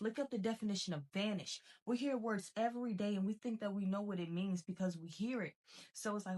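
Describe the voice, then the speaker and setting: A woman's voice: medium pitch, normal speed, darkish tone. A woman giving a motivational spiritual talk. She is emphatic and repeats herself, mixing casual slang into a preachy delivery. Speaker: spiritual self-help speaker. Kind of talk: motivational monologue.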